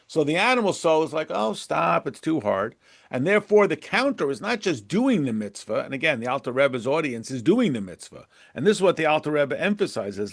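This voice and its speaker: A man with a slightly higher voice gives a relaxed Torah lesson. His talk wanders through asides and restarts. He drops in Hebrew phrases, explains them, and briefly acts out small exchanges. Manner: chatty and digressive, with frequent restarts and asides; mixes in Hebrew terms and translates them. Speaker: Torah class teacher. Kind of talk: conversational lesson.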